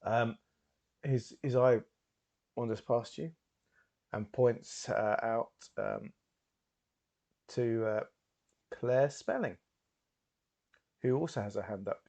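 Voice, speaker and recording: Unhurried male game master narrating. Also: medium pitch, a little mellow. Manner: slow, hesitant narration with fillers.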